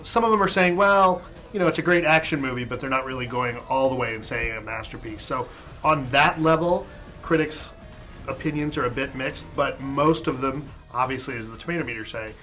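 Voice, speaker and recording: A man's voice: medium pitch, fairly quick, pushed and bright, faint music behind. A man co-hosting a film review show, talking through critics' opinions in a casual, conversational way.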